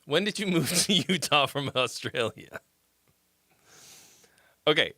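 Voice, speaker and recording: A man with a bright, forceful voice chats on a livestream, swinging his pitch all over as he rambles and jokes with plenty of swearing. The sound is dry and close. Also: lively intonation, slow, no echo. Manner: rambling, profane, joking. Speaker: host giving song feedback. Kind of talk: casual livestream chat.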